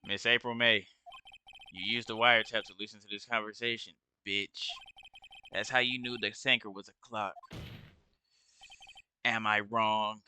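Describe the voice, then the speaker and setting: A man's voice: on the low side, level tone, a little slow, long pauses, bright, forceful tone, a little hiss or hum, pitched below the performer's own voice. A man voicing a young male defense lawyer in a video game, pressing the witness with pointed, demanding questions. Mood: accusing.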